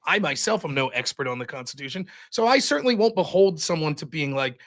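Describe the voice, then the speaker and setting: Guy on a podcast ranting about debates, high voice, super bright, swears a lot and plays out both sides of arguments. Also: quick pace. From outside the United States. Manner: animated and profane, acts out quoted back-and-forth dialogue. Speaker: podcast guest taking over the show.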